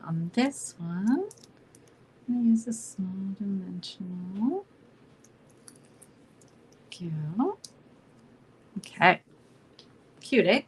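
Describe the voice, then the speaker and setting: During a live online card-making demo, a middle-aged Canadian woman chats her way through each step, often asking "right?". Her voice is lowish, with a little hiss or hum.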